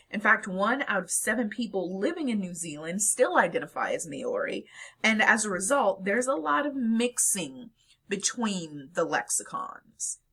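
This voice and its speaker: A woman talks through a lesson with a lively, rising and falling delivery. Her voice is bright with a husky edge. She explains points step by step, dropping in the odd filler. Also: mid-range voice. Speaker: lecturer. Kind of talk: recorded lecture.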